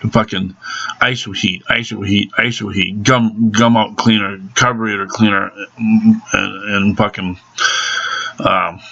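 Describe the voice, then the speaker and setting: A man's voice: fairly low pitch, gravelly, pushed and bright, muffled recording. A man venting angrily in a profane vlog monologue about his car being repaired. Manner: angry, cursing constantly.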